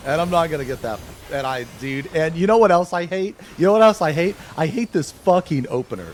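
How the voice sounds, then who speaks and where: Young guy streamer cursing and ranting over a game, high voice jumping all over, bit of faint hiss. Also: lively intonation, a little fast. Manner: swears a lot, repeats himself. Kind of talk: frustrated gameplay talk to stream chat.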